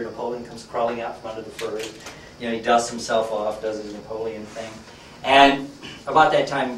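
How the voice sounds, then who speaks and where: A man's voice: mid-range voice, echoey room, distant mic, a little hiss or hum, poor audio. A man teaching a workshop class, telling a story in a conversational, folksy way with lots of fillers. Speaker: workshop trainer.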